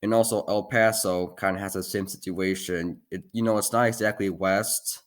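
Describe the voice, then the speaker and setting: A man with a notably deep, low-pitched voice talks through a map as a casual explainer. He is relaxed and unscripted, and he keeps stopping to fill gaps with ums and likes. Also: normal speed. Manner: loose and hesitant, with many ums and likes. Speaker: geography video host.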